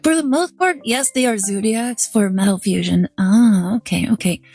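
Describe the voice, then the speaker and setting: A woman's voice: medium pitch, moderate pace, a little mellow, no room sound, faint music behind. A woman VTuber streaming, casually rambling through an anecdote to her chat.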